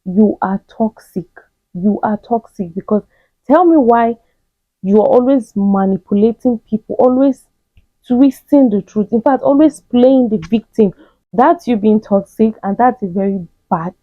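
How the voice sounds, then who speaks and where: A woman's voice: a little high, no room sound. A woman giving a blunt, preachy self-help talk, hammering the same points again and again. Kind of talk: direct-to-camera advice monologue. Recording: tinny phone-like sound.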